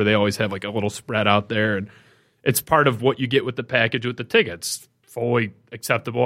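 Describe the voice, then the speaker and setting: A man co-hosting a sports podcast, telling a story in casual, animated talk that gets more indignant as it goes. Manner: animated storytelling, rising pitch when indignant. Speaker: podcast co-host.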